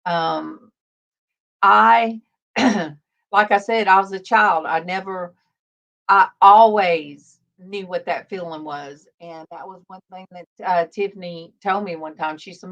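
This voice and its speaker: A woman in her fifties with a Southern US accent, chatting slowly and softly on a livestream and greeting viewers by name. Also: lowish voice, lo-fi sound. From Alabama, US South. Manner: slow, soft-spoken, greets viewers by name. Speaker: livestream host. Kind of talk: casual livestream chat.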